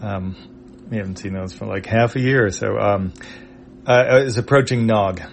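A man's voice: lowish voice, moderate pace, gravelly, slight background noise. A man reading a comic strip aloud panel by panel, hesitant and full of fillers.

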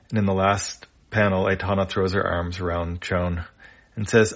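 A man reading a comic strip aloud panel by panel in a plain, steady manner with small fillers. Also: low-pitched, normal speed. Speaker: comic reader.

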